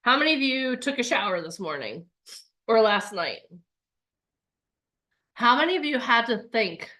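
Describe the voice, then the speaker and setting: A woman's voice: fairly high pitch, big pitch swings, measured pace, sharp tone. A woman coaching an online bootcamp, talking in an upbeat, chatty way and acting out the voices of people's inner thoughts. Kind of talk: live online workshop talk.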